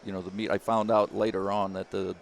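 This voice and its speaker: A man, a former caddie turned business founder, telling a lively story in an interview and acting out the people he quotes. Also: low-pitched, brisk, gravelly, a little hiss or hum. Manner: animated storyteller, acts out quoted voices.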